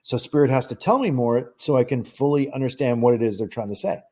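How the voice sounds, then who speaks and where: A man who is a psychic medium, telling a story as a podcast guest, earnest and animated, acting out the dialogue and often restarting his phrases. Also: mid-range voice, a little fast. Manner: animated, acts out quoted dialogue. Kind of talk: conversational storytelling.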